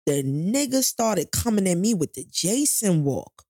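A woman's voice: medium pitch, sing-song, a little slow, mellow, no room sound, clean studio sound. A middle-aged woman from New York, telling a painful personal story in an interview, candid and profane, acting out the people in it. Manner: candid, profane, acts out voices in her story. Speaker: guest telling her life story.

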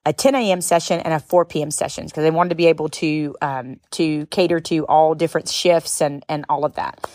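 Woman podcast host, middle-aged, expressive storytelling, lowish voice, dry close sound. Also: brisk, no room sound. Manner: expressive, tearful at times, rising to high exclamations. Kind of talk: emotional storytelling monologue.

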